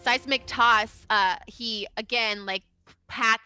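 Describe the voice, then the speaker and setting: Bright-voiced woman game master. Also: a little high, fairly even intonation, takes it slowly, clean tone, faint music behind. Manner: chatty, lots of fillers, laughs often. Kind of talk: narrating a tabletop game.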